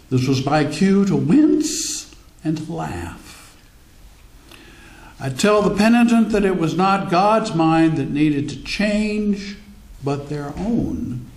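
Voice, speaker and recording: A man who is a minister, delivering a wry, storytelling sermon while he has a cold. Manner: wry, storytelling, lively pitch. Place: church hall. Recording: echoey church hall.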